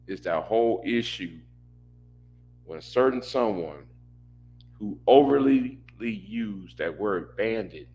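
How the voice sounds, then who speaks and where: A man in a casual rant, exasperated and repetitive, stumbling over restarts. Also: fairly low pitch. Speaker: commentator reacting to a panel stream.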